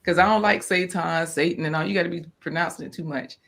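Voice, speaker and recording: A woman's voice: fairly low pitch, quick pace, vocal fry, fairly bright tone. Chatty woman hosting a garden live chat. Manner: chatty and informal, laughs often. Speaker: co-host of a homestead live chat. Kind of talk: casual live-stream chat. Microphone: off-camera, voice only.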